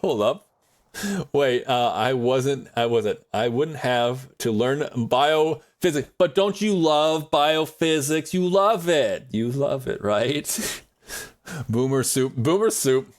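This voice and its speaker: A man's voice: mid-range voice, takes it slowly. A man streaming live and chatting with his audience in a rambling, jokey way, laughing often.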